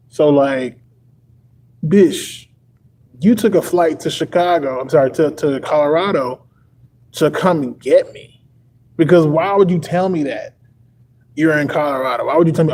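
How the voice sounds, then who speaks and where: A man's voice: fairly high pitch, moderate pace, a little mellow, rough recording. A young man from Texas on a livestream, talking casually and rambling, packing his sentences with "like" and chuckling often. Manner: rambling, full of "like" fillers.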